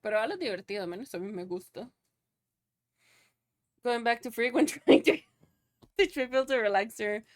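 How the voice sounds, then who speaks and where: A woman's voice: fairly high pitch, expressive, a little fast, pauses often. A young woman streaming live, chatting loosely with her viewers, laughing often and swearing casually.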